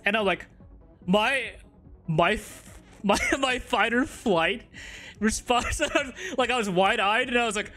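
A man telling a funny work story, then reacting loudly to a fighting game, laughing and swearing freely. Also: high voice, lively intonation, measured pace, faint music behind. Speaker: gaming YouTuber. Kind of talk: storytelling and live gameplay commentary.

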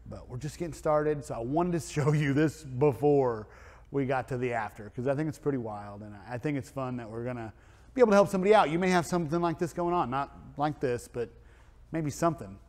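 A man's voice: mid-range voice, a little fast, darkish tone, big-room sound. A man who owns a car wrap and tint shop, telling a story in a casual vlog, rambling and full of fillers. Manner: rambling, filler-heavy chatty delivery.

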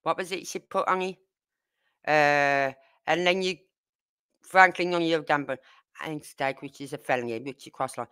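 A Brummie woman from Birmingham, England, hosts a true crime livestream, chatting casually and speaking to her viewers with blunt indignation. Her voice is low and smooth with a fairly bright tone, and she keeps a moderate pace with frequent pauses.

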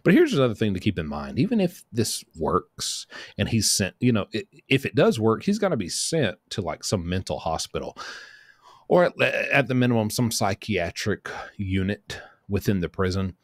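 Brief: streetwise male commentator, low pitch, blunt, dry booth sound. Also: moderate pace, dry recording. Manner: blunt, streetwise, animated, many fillers and restarts. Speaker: commentator on prison news. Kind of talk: casual commentary to camera.

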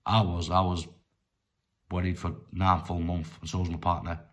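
A middle-aged man telling a personal story in a rambling, halting way, full of restarts and fillers. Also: low-pitched, little pitch movement. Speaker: storyteller vlogger.

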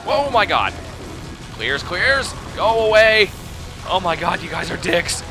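Young male let's-player, jumpy and exclaiming, a bit high-pitched. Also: measured pace, over music. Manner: excitable, exclaiming and panicking. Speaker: let's play gamer. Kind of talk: casual gameplay commentary.

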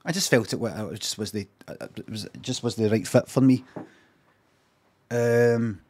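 A man's voice: medium pitch, moderate pace, a little mellow, breathy edge. A man, chatting casually and swearing while streaming reaction commentary. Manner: chatty, swearing, rambling asides.

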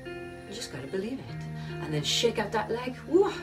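A woman choir leader guiding a vocal warm-up, upbeat and encouraging, counting the group in. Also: medium pitch, animated, moderate pace. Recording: distant mic with music behind.

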